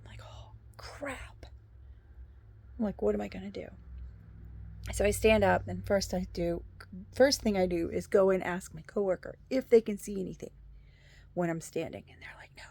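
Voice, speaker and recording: A woman's voice: mid-range voice, fairly even intonation, fairly quick, vocal fry, warm tone. A woman vlogger chatting casually about books and telling a funny story from work, often sliding into a whisper. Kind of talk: casual chat.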